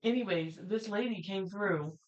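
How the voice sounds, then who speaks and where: A woman's voice: mid-range voice, normal speed. A young woman talks bluntly in casual chat and swears freely. Her voice sits mid-range. The recording sounds muffled and lo-fi. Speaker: podcast co-host. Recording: muffled lo-fi audio.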